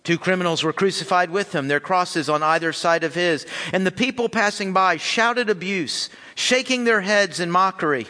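Earnest pastor in a reverberant hall. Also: male voice, high voice, normal speed, few pauses, bright, forceful tone. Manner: earnest, with repeated phrases. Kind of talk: sermon with scripture reading.

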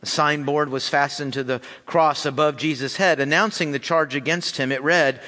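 Earnest pastor in a reverberant hall. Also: male voice, fairly high pitch, steady tone, moderate pace, hardly any pauses, bright, forceful tone. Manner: earnest, with repeated phrases. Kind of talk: sermon with scripture reading.

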